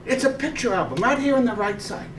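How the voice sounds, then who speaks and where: A man leads a workshop lecture, lively and full of questions for his listeners. His voice sits high. The room is echoey and he is picked up from a distance, with a faint hiss behind him. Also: quick pace. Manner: lively, asks the audience rhetorical questions. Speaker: workshop leader. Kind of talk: lecture to a live workshop audience. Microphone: far camera mic, no personal mic.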